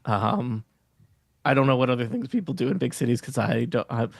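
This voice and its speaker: A man's voice: medium pitch, expressive, a little fast, creaky, no echo, studio quality. A man running a tabletop game as game master, rambling through scene descriptions with jokes and frequent laughter. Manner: rambling, joking, laughs often. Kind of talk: narrating a tabletop game, casual chat.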